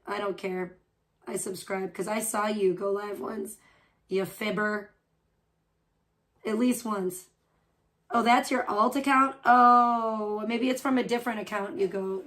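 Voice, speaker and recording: A woman's voice: mid-range voice, a bit bright. A woman hosting a live stream, chatting casually and rambling with frequent laughs as she answers her chat. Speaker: livestream host.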